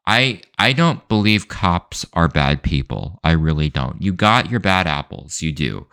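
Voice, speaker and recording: Very deep-voiced man rambling through a rant. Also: animated, measured pace, a bit bright, no room sound, clean studio sound. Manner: rambling and hesitant, many fillers and restarts. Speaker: show host. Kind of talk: solo opinion rant.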